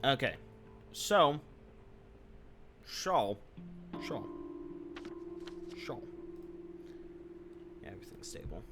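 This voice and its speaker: A man's voice: mid-range voice, very animated, very slow, long pauses, over music. A man chatting casually while streaming a video game live, swearing freely and muttering asides to himself. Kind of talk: casual live gameplay chat.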